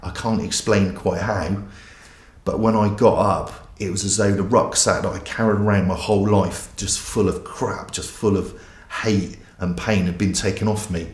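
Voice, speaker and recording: A man's voice: on the low side, roomy sound. A man, a pastor giving a candid, self-mocking personal testimony. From England.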